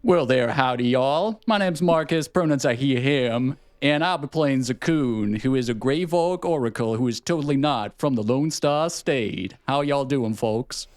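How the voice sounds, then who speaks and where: A man's voice: medium pitch, a little slow, hardly any pauses, no room sound, lightly acted. A man putting on a drawling Texan cowboy. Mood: jovial. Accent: put-on Texas drawl. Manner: hearty, folksy greeting.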